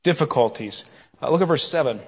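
A middle-aged man preaching a sermon, telling a story with quiet asides and loud, rising questions. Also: mid-range voice, lively intonation, fairly quick, husky. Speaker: pastor. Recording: long hall reverb.

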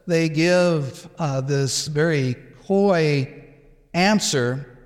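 A man's voice: on the high side, very slow, long reverb tail. A man teaching a lecture on a Bible passage, explaining it step by step and acting out the quoted exchanges.

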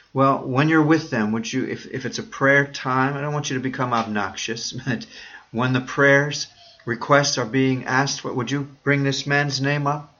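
A man's voice: mid-range voice, bright, forceful tone, highs cut off. A man speaking as a radio preacher in a devotional broadcast, earnest and urging his listeners with repeated questions.

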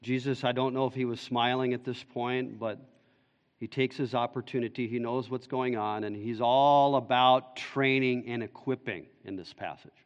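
A man's voice: mid-range voice, steady tone, normal speed, clean tone. A male pastor preaching an expository sermon in an earnest, explaining way. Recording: dull echoey church hall recording.

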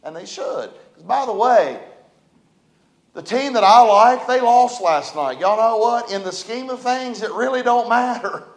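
A male pastor, preaching a folksy, dynamic sermon that swings between loud and soft. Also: very high-pitched, expressive, unhurried. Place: church sanctuary. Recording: echoey church room.

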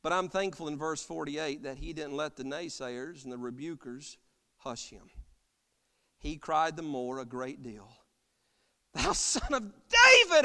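A pastor preaches with a bright, forceful voice that sits a little high for a man. He swings from loud, ringing cries down to hushed lines, and long church reverb trails every phrase. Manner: impassioned preaching, rising to loud cries then dropping soft. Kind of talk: sermon. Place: church sanctuary.

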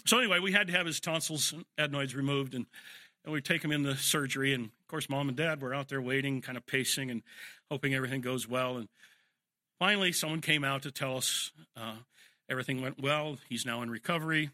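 A man's voice: medium pitch, quick pace, pushed and bright, no echo, clean studio sound. An older man preaching a sermon, telling family anecdotes and acting out firm commands to children. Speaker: pastor.

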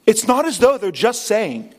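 A man preaching a sermon in an earnest, impassioned way, with dramatic pauses. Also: sits high, sing-song. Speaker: pastor.

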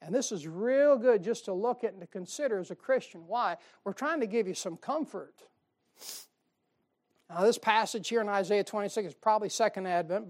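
Woman, preacher, Bible-study sermon, conversational, rhetorical questions, slow louder scripture reading. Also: medium pitch. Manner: reads scripture slowly and louder.

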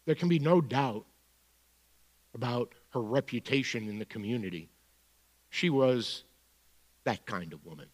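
A pastor with a Bronx accent preaching a sermon, moving between quiet asides and emphatic points. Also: male voice, mid-range voice, very animated, measured pace, long reverb tail.

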